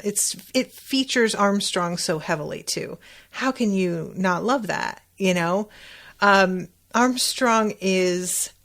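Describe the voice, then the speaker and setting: A woman's voice: medium pitch, creaky. A woman hosting a podcast, recapping an episode in casual, chatty talk and acting out quoted lines as she goes. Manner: chatty, animated retelling with quoted asides. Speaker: podcast host. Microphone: desk microphone.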